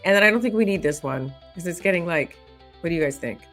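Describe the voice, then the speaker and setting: A woman's voice: on the low side, expressive, fast talker, a bit bright, soft background music. A woman hosting a casual editing tutorial, thinking aloud as she works and laughing often. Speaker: host.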